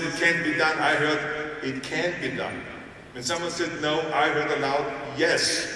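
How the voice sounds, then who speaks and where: An Austrian-accented man in his sixties delivers an emphatic motivational speech with humorous asides. His voice sits fairly high for a man. It booms through a huge indoor arena with long reverb, picked up from far off. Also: bright, forceful tone, slight background noise. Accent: Austrian German. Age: 60s. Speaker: motivational speaker. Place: large indoor sports arena. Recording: echoey arena sound from far off.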